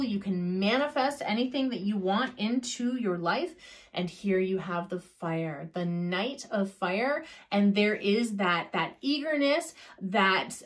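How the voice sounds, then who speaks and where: A woman tarot reader talking straight to her viewers, gushing with encouragement and dotting her speech with fillers as she walks through each card. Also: medium pitch. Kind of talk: tarot card reading to camera.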